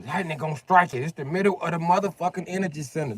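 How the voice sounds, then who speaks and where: A man's voice: a little high, fast, background noise. A man streaming gameplay, chatting casually and rambling with lots of profanity. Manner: profane, rambling, tosses in "you know what I mean".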